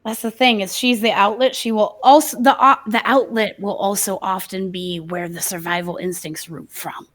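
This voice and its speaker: A woman's voice: medium pitch, steady tone, normal speed, hardly any pauses, fairly bright tone. A woman player chatting casually during a tabletop game, rambling with fillers.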